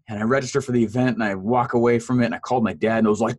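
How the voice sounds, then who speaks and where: A man in his thirties, a guest in a casual interview, tells his story animatedly and laughs often, jumping up in pitch for quoted voices. He races along with hardly any pauses.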